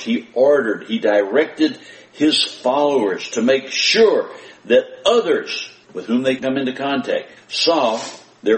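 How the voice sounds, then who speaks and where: A man preaching a sermon as pastor, earnest and emphatic, repeating his key phrases and addressing his congregation directly. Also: medium pitch. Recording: roomy church sound.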